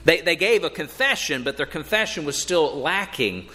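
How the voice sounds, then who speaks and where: A man preaching a sermon with emphatic, dramatic delivery, slowing on key phrases and rising sharply for emphasis. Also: fairly high pitch, lively intonation, bright, forceful tone. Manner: dramatic, emphatic delivery with slow drawn-out phrases and sudden rises. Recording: long hall reverb.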